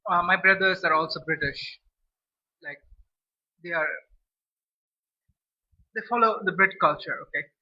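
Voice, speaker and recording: A man's voice: high voice, unhurried, pauses often, sharp tone. A man from India, chatting casually to camera as a food vlogger, rambling and restarting his phrases. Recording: dull lo-fi recording.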